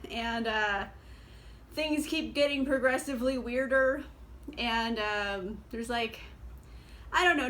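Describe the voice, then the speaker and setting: Bright, high-voiced chatty woman. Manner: chatty and sarcastic, many fillers, laughs often. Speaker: book vlogger. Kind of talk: casual book review vlog.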